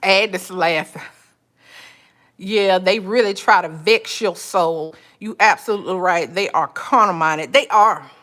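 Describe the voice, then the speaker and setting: Her voice sits on the lower side as she hosts a podcast with a relaxed, faith-centered monologue. Listeners get called "honey" and "child" by this animated woman who laughs readily.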